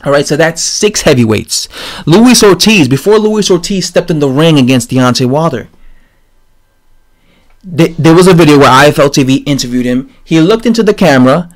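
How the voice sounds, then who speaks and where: A man giving a casual, rambling opinion rant on his channel, animated and full of fillers and restarts. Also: on the high side, normal speed. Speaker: boxing commentator vlogger.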